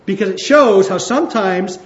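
A male pastor giving a conversational sermon in a church hall, slowing down to stress his points. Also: sits high, highs cut off. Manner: conversational, with slowed emphatic phrases.

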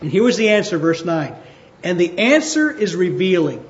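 A male pastor giving a conversational sermon in a church hall, slowing down to stress his points. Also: high voice, sing-song, dull audio. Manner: conversational, with slowed emphatic phrases.

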